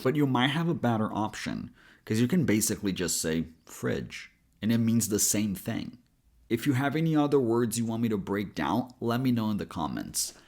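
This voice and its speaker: A man with an American accent teaching a pronunciation lesson, breaking words into sounds slowly and carefully. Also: fairly low pitch, sing-song, a little mellow. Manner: slow, careful, spelling out sounds. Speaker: accent coach.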